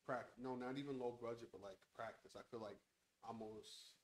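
A man's voice: mid-range voice, steady tone, normal speed, low-quality recording. A man hosting a casual podcast chat from a home studio, talking in a laid-back way with lots of swearing into a handheld mic. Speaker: podcast host.

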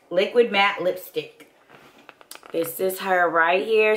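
An excitable woman, chatting casually to viewers while unboxing beauty products. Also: medium pitch, slow, pauses often. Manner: animated, excitable, addresses viewers as y'all. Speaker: beauty vlogger. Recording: echoey room.

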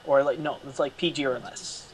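A man's voice: medium pitch, fairly even intonation, a little fast, crowd noise, low-quality recording. A young man from from there, chatting casually and rambling through restarts. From Quebec, Canada. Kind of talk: casual chat.

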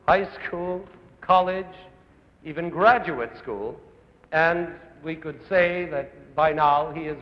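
Man, music lecturer, earnest, rhetorical lists, long hall reverb, muffled vintage sound. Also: a little high. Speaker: conductor and music educator. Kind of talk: televised music lecture to a young audience. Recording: dull old broadcast audio in a large hall.

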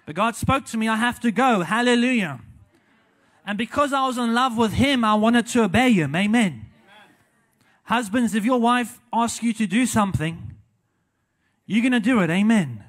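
Young South African man, high-pitched, evangelist preaching, animated, lots of hallelujahs. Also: normal speed, long pauses. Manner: walks around while preaching. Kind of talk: sermon. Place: church.

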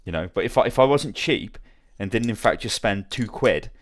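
A man's voice: on the low side, expressive, normal speed. A young man chatting casually with his live-stream viewers as he assembles a model, rambling and greeting them by name.

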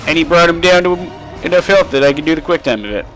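A young man giving casual, rambling let's play commentary, swearing freely and breaking into sudden shouts. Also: fairly high pitch, animated, fast, soft background music. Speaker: gaming commentator.

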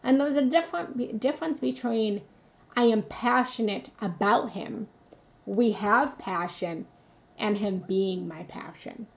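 A woman's voice: mid-range voice, a little slow, vocal fry. A woman hosting a live motivational talk as a spiritual coach, speaking earnestly and confessionally and addressing her viewers directly.

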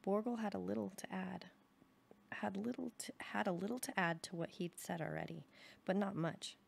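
A young adult woman calmly reading a novel aloud in an even storytelling manner. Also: medium pitch, moderate pace, creaky, a little hiss or hum. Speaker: reader.

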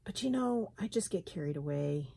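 A middle-aged woman with a slight Southern US lilt, chatting and thinking aloud as she works on a craft journal in her sunroom, with soft laughs. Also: fairly low pitch, expressive, normal speed, creaky, husky. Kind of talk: casual craft tutorial chat. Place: home sunroom, indoors.

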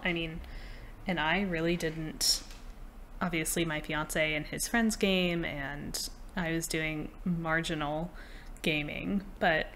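A young woman co-hosting a gaming podcast in casual chat, speaking in a measured, reflective way with soft fillers. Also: deep voice, a little hiss or hum. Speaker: podcast co-host.

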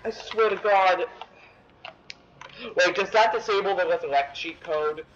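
A young man giving excitable, profane let's-play commentary, yelling at the game. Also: high voice, unhurried, lo-fi sound, slight background noise. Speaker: gamer.

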